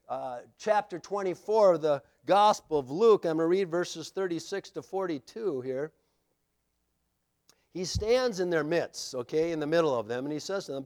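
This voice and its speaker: A man preaching a sermon, acting out scripture passages and swinging between loud declarations and hushed asides. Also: a little high. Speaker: pastor.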